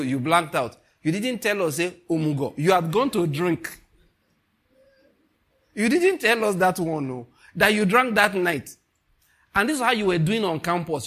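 A man with a Nigerian accent preaching a sermon, animated and laughing, swinging from quiet asides to loud exclamations. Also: a little high.

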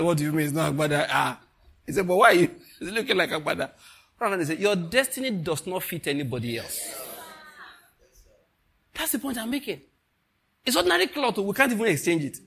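A man with a Nigerian accent preaching a sermon, animated and laughing, swinging from quiet asides to loud exclamations. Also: high voice, breathy edge.

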